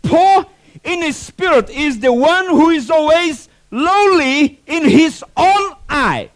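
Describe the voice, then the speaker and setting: High-voiced animated preacher man. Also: takes it slowly. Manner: animated preaching with acted-out quotes and non-native phrasing. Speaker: pastor. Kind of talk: sermon.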